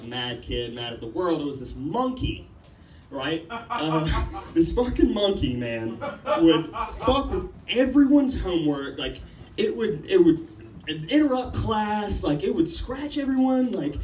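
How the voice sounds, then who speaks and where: With a fairly high, slightly mellow voice, a young man from Ethiopia does a laid-back, rambling stand-up routine with plenty of swearing. It's recorded in an open-mic comedy room on a distant, roomy mic with faint noise behind him.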